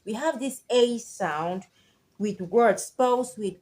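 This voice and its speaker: A woman's voice: fairly high pitch, slow pace, darkish tone. A woman teaching English pronunciation, spelling words out letter by letter and repeating them with stretched vowels for emphasis. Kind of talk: slow, deliberate pronunciation lesson.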